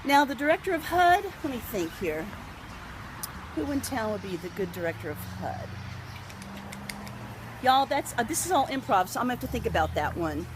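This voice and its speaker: Chatty high-voiced woman rambling. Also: big pitch swings, moderate pace, long pauses, background noise. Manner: chatty, rambling, laughs often. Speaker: local video host. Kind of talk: improvised casual monologue.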